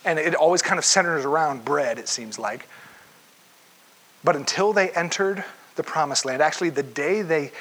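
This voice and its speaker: A man's voice: on the high side, fairly bright tone, breathy edge, rough recording. A young man preaching a sermon, telling Bible stories with acted-out voices and sometimes dropping to a whisper for emphasis. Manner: storytelling, acts out voices, drops to a whisper for emphasis. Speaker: pastor.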